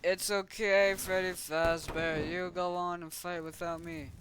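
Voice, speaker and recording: A gentle female robot, brave and selfless, speaking softly raised and high, as a man puts her on. Slow delivery, with steady noise behind. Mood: tender.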